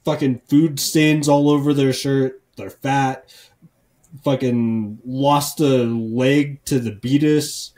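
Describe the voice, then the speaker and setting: A man's voice: medium pitch, fairly even intonation, slow pace, a little mellow. A man on a casual comedy podcast, ranting profanely and rambling with lots of false starts. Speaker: podcast co-host.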